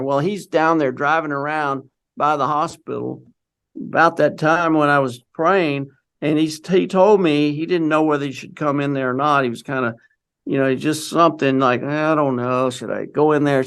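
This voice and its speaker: A man's voice: fairly high pitch, fairly even intonation, normal speed, fairly bright tone, smooth. A middle-aged man telling a personal story in a casual, rambling way, quoting what others said to him. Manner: rambling, with many restarts and quoted dialogue. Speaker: guest telling his story.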